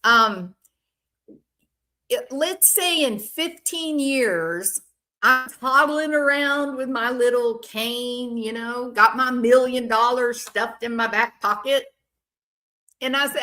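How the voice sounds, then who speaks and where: A woman's voice: a little high, slow, bright, forceful tone. An older woman hosting a casual commentary, giving her opinion in a plain-spoken, emphatic way. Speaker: commentary channel host.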